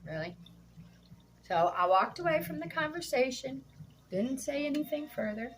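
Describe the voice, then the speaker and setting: A woman's voice: high voice, sing-song, moderate pace. Middle-aged woman, home-kitchen vlogger, blunt and indignant, faint background noise. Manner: blunt, indignant, swears freely. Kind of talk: casual storytelling vlog while cooking.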